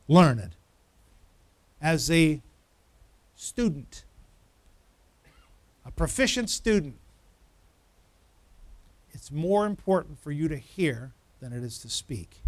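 High-voiced pastor quizzing his congregation. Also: animated, drawn-out words, long pauses, no room sound. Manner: asks the congregation questions, builds to emphatic repetition. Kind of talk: interactive sermon.

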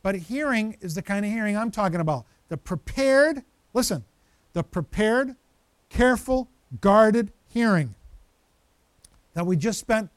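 A male pastor preaching a conversational sermon, lively and animated, with frequent asides to the congregation. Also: high-pitched, normal speed, no echo.

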